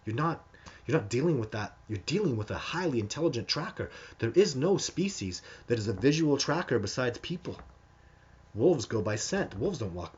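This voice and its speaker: A man's voice: medium pitch, breathy edge, lo-fi sound. A man hosting a live stream, answering viewer questions in a casual, emphatic way and often restarting his sentences. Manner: emphatic and animated, with frequent restarts.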